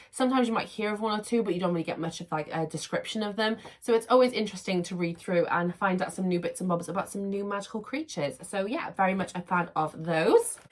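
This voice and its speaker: A young woman with a gushing, excitable manner, chatting casually as she unboxes items at home. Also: fairly low pitch. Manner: gushing, excitable, laughs often. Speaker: unboxing vlogger.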